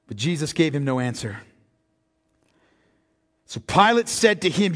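Man, pastor, high-pitched voice, sermon, hushed to shouting, reverberant church. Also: sing-song, a little slow. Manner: preaching with dramatic swings from hushed to shouted. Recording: hall reverb.

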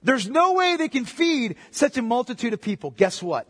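A middle-aged man preaching a sermon, conversational and animated, with joking asides. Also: extremely high pitch, normal speed. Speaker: pastor. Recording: reverberant hall.

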